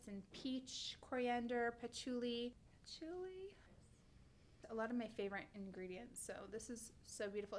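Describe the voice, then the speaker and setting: A woman's voice: medium pitch, a little hiss or hum. A woman in her thirties talking casually to camera as a beauty vlogger, gushing with enthusiasm and stumbling over names. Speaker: beauty vlogger reviewing perfumes.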